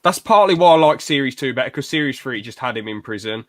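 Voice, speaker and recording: A man's voice: mid-range voice, expressive, fairly bright tone, dry recording, studio quality. A man co-hosting a podcast, chatting casually and enthusiastically. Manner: chatty, enthusiastic, quick asides with brief put-on quotes. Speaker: podcast co-host. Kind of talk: casual chat.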